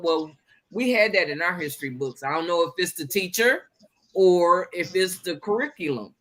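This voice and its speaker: A woman in a casual chat, speaking frankly and offering her opinions. Her voice is bright and sharp, at an ordinary pitch. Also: animated, moderate pace.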